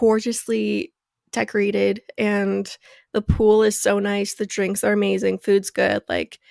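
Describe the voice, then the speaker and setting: Gravelly-voiced young woman, chatty podcast co-host. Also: medium pitch, completely flat delivery, measured pace, darkish tone, no room sound, clean studio sound. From Arizona, US. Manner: chatty storyteller, lots of "like" fillers. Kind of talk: casual chat.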